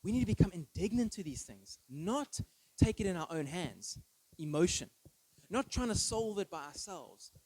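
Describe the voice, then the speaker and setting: A pastor preaching an earnest, emphatic sermon full of rhetorical questions. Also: male voice, high voice, sing-song, moderate pace, few pauses, darkish tone, breathy edge, no room sound, rough recording. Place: church.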